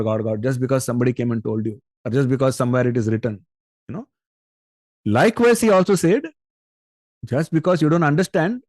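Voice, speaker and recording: A man's voice: medium pitch, a little mellow, dry recording, studio quality. A man giving a spiritual discourse on scripture, explaining patiently and turning to his listeners with rhetorical questions. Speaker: spiritual teacher.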